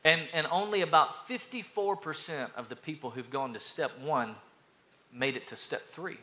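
A man pastor preaching a sermon to his church, energetic, repeating phrases and telling stories. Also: a little high, moderate pace. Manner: energetic preaching with repetitions and storytelling.

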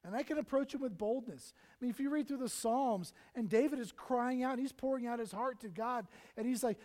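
A man preaching a sermon in earnest, his voice swelling loud and then dropping almost to a hush, acting out prayers and Bible figures as he goes. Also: very high voice, a little fast, few pauses. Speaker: pastor.

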